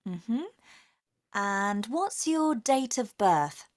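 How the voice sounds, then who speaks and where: A woman's voice: medium pitch, big pitch swings, very slow. A woman with a British accent playing a polite office clerk who asks questions and reads the answers back in a scripted coursebook dialogue. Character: polite female office clerk issuing a card.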